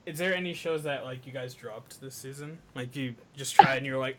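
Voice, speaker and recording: A man's voice: mid-range voice, fairly quick, very noisy. A man co-hosting a casual anime podcast, rambling in a laid-back way with many fillers. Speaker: podcast co-host.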